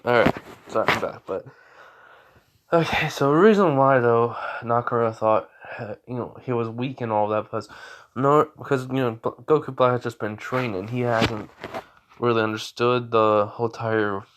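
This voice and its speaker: A man's voice: medium pitch, normal speed, fairly bright tone, a little hiss or hum. Tired man rambling through a story. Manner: rambling, self-correcting, many fillers. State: tired, yawning. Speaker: fan storyteller. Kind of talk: unscripted casual storytelling.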